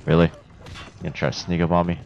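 A young man giving profane, excitable commentary while playing a video game, talking trash at enemies. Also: sits low, a little fast, creaky, faint music behind. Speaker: gameplay commentator. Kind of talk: let's play commentary. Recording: dull lo-fi sound.

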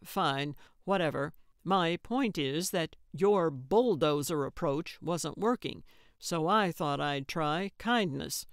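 A woman's voice: low voice, lively intonation, slow pace, dry recording, clean studio sound, full character voice. A woman voicing a patient, tactful man who answers dryly and placatingly in a storybook reading. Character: patient, tactful younger man, her driver.

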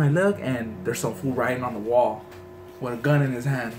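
A man's voice: on the high side, steady tone, quick pace, a little hiss or hum. A man telling a rambling, profane story in street slang, acting out his friends' voices. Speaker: storyteller in a mukbang video. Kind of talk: casual storytelling.

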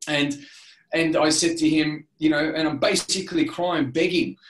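A man's voice: a little high, steady tone, normal speed, slight background noise. A middle-aged Australian man telling his life story as an interview guest, earnest and rambling, with many restarts. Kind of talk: candid personal storytelling. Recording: roomy echo.

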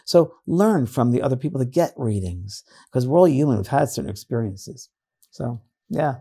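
A man's voice: medium pitch, moderate pace, husky. A middle-aged man from New York, a psychic medium, telling stories in a casual interview and acting out other people's voices. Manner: animated storyteller, acts out voices.

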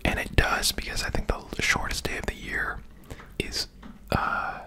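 A young man whispering a rambling ASMR chat while chewing gum. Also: unhurried. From England. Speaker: ASMR creator. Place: home room, lights turned down. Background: rain outside.

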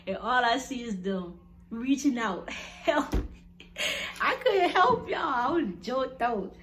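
A young woman vlogger chatting casually to her viewers, animated and blunt, laughing often as she tells stories. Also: a little high, slight background noise.

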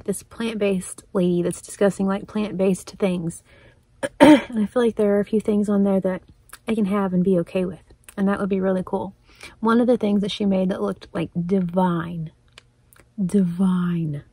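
A woman's voice: medium pitch, dry recording. Gushing woman unboxing mail. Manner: excited, gushing, laughs often. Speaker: crafting vlogger. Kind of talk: casual unboxing chat.

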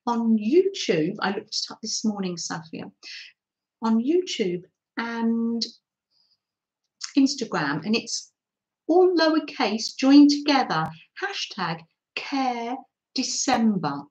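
Gentle, slow-talking older woman. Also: a little high, sing-song, reverberant, rough recording. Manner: soft, chatty, often laughing and apologising. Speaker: craft channel host. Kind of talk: gentle live-stream chat with viewers.

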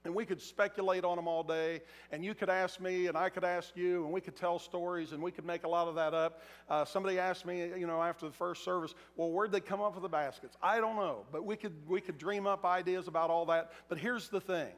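A pastor speaks briskly with few pauses, his fairly high male voice carrying a relaxed, chatty sermon peppered with acted quotes. The large church auditorium is echoey, with a long reverb following every phrase.

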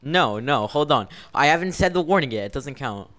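A man's voice: mid-range voice, lively intonation, brisk, a bit bright. Exasperated streamer man, scolding and laughing. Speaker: livestreamer running a Minecraft server. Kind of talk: casual live-stream commentary.

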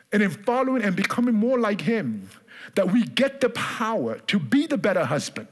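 A man preaches in church with a high voice that leaps up and down in pitch. He drives his points home through repetition and calls on the congregation to answer him. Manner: emphatic preaching with repetition, asks congregation for responses. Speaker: pastor. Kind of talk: sermon.

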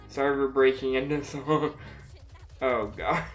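A woman's voice: deep voice, measured pace, long pauses, soft background music. A woman chatting casually on a gameplay livestream while feeling sick with a dry throat, giggling often and mocking herself. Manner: giggly, self-mocking, frequent laughter and exclamations.

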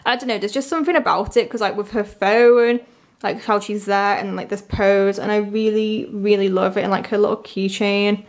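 A woman's voice: mid-range voice, steady tone, normal speed. A young woman chatting casually as she unboxes an album, gushing and full of "like" fillers, squealing when she gets a lucky pull.

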